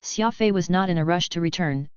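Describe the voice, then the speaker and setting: Smooth low-voiced woman narrating. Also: brisk, dry recording, highs cut off. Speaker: audiobook narrator. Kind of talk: scripted narration.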